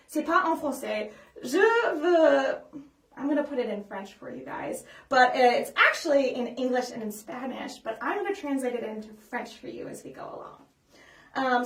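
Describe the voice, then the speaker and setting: A woman leading a children's storytime as a librarian, chatty and upbeat, with frequent ums, sometimes singing simple songs slowly. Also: high voice. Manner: sings simple songs slowly for kids to follow. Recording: echoey room, voice a bit far from the mic.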